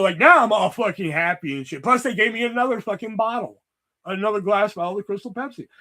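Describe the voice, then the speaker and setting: A man's voice: high-pitched, pushed and bright. A man hosting his own livestream, telling a long rambling story in casual, profanity-heavy chat full of "you know" asides. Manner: profane, chatty, lots of "you know" fillers. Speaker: livestream host.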